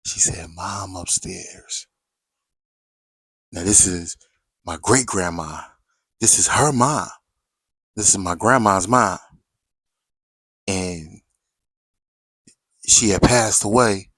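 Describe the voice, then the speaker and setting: Low-voiced slangy man. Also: slow, pauses often, fairly bright tone, no echo. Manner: slangy, chatty, repeats "right?" and "you know". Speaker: storyteller. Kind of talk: casual storytelling to viewers.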